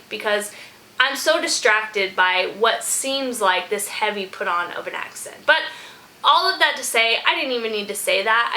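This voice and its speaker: Bright-voiced chatty woman vlogger. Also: a little high, poor audio. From from a small country town. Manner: chatty and rambling, thinks out loud, says "y'all". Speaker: music reaction vlogger. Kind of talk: casual chat.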